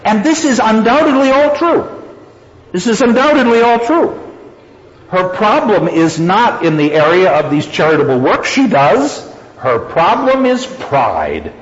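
A man's voice: high-pitched, big pitch swings, a little slow. A man lecturing on a story he reads aloud, chuckling often and repeating phrases for emphasis, in an echoey, dull-sounding hall recording.

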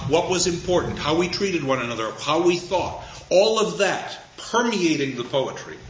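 A man giving a reflective lecture on poetry, speaking in a measured, thoughtful way and slowing down to stress key phrases. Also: a little high, a bit bright, reverberant, muffled recording, a little hiss or hum. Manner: measured, thoughtful, with deliberate pauses and slowed emphasis.

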